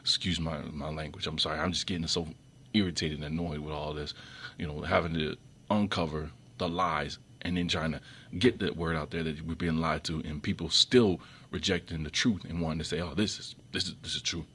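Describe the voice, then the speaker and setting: Low-voiced man rambling through commentary. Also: steady tone, fairly quick, a little hiss or hum. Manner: rambling, with many restarts and repeated words; irritated, sharp jumps up in pitch and loudness. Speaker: video commentator. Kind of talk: off-the-cuff commentary monologue.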